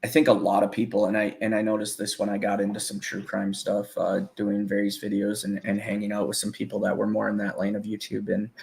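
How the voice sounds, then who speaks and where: A man with a low, gravelly voice talks loosely and at length. He swears constantly and breaks into laughter between thoughts, the way people talk in a relaxed hangout. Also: brisk, few pauses. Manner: rambling, swears freely, laughs often. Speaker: guest musician. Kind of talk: casual profane chat.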